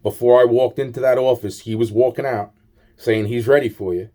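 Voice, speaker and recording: Man for a rambling, aggrieved monologue, mellow low timbre, heavy swearing, repeats himself. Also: steady tone, fairly quick. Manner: profane, repetitive, aggrieved storytelling.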